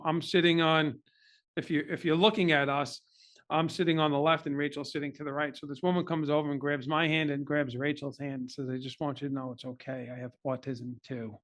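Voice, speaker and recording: A man's voice: a little high, fairly even intonation, moderate pace, a bit bright. A middle-aged man, a podcast guest, earnestly telling an emotional personal story in a candid interview.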